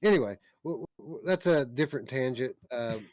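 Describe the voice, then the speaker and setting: A man's voice: medium pitch, expressive, a little fast, a little mellow, dry recording. A man hosting a casual podcast, ranting bluntly about small annoyances and reading out viewer comments. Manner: blunt, ranting, reads out chat. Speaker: podcast host.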